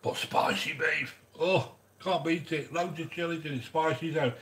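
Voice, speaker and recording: A man's voice: a little high, moderate pace, fairly bright tone. A man chatting casually while hosting a cooking vlog, rambling and joking and greeting viewers by name. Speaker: cooking channel host.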